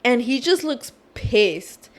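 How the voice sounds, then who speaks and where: A woman guest on a podcast, retelling a story in an animated casual way, mixing in Spanish phrases. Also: fairly high pitch, slow pace.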